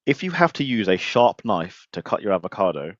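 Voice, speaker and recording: A man's voice: lowish voice, very animated, a little fast, no echo, dull audio. A man hosting a live-stream interview, blunt and joking, with emphatic opinions and mild swearing. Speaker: podcast host.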